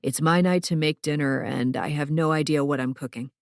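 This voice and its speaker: A woman reading an audiobook, voicing a calm, steady father who speaks evenly and reassuringly. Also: deep voice, a little fast, creaky, dry recording, clean studio sound, pitched below the performer's own voice. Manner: even and reassuring.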